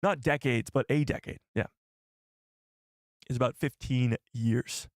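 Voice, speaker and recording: A male host chatting on a live stream, excitable and rambling, who often stops to correct himself. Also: mid-range voice, measured pace, no room sound, clean studio sound.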